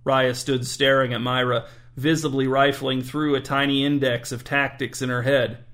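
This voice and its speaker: A man's voice: medium pitch, flat delivery, moderate pace, a bit bright. Dry-voiced man narrating a story.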